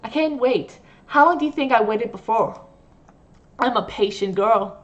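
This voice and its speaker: A woman's voice: on the high side, animated, normal speed, highs cut off, close to an everyday voice. A woman voicing an obsessive young female nurse who talks in a sweet, coaxing, possessive way.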